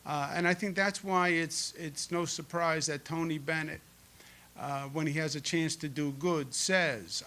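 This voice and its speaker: Man, 50s, Queens New York accent, bright voice, folksy joking speech, podium mic. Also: fairly high pitch, measured pace. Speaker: governor giving a speech. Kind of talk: public speech. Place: school event before an audience.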